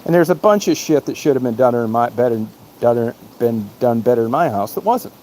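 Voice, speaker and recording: A man with an ordinary mid-pitched voice rambles through a personal anecdote, casual and profane. His talk is blunt and unpolished. A faint hiss of noise sits under the recording. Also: lively intonation, brisk, warm tone. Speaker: podcast host. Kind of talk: casual storytelling monologue.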